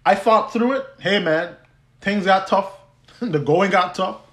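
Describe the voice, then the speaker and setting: This young podcast host from the U.S. Virgin Islands has a high, fairly bright voice and a measured pace. He recounts a personal story in a conversational way, often starting over and laughing easily, and the room gives the recording a noticeable echo.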